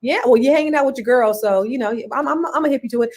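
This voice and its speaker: A woman's voice: high-pitched, very fast, darkish tone. A woman co-hosting a live talk show, chatting casually, affirming her partner and repeating phrases for emphasis. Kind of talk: casual chat.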